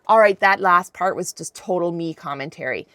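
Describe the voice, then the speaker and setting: A woman's voice: lowish voice, normal speed, a bit bright, no echo, clean studio sound. A woman hosting a podcast, retelling a Bible story in a chatty, irreverent, slangy way. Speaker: podcast host.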